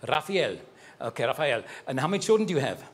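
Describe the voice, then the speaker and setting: A man's voice: medium pitch, sing-song, fast talker. A man preaching live and giving personal prophecies, speaking straight to people in the congregation in a fervent, affectionate way, joking and laughing as he goes. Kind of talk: live prophetic sermon addressing individuals in the congregation.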